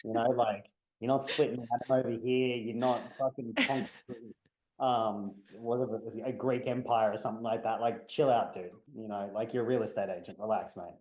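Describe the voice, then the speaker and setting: A man's voice: fairly low pitch, steady tone, a little fast, a little mellow, roomy sound, slight background noise, poor audio. A man who is a guest on a podcast, talking bluntly in casual conversation and swearing now and then. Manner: blunt, swearing, acts out quotes with energy.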